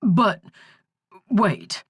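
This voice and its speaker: A woman's voice: medium pitch, wildly swooping pitch, extremely slow, slightly rough, dry recording, clean studio sound, voice pushed up, heavily acted. A woman playing a polite small-town sheriff. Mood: puzzled. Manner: polite, formal phone manner. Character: small-town male sheriff, patient then indignant.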